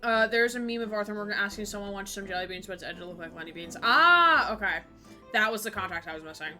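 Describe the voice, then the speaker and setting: Bright, giggly woman streamer chatting. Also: mid-range voice, expressive, faint music behind. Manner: giggly, chatty, quick asides to chat. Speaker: Twitch streamer playing a game with a voice partner. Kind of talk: casual live-stream chat.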